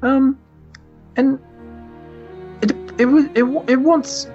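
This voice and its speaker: A woman's voice: high-pitched, fairly even intonation, takes it slowly, a little mellow, muffled recording, soft background music. A woman narrating a tabletop game as game master, often stammering and rambling as she thinks.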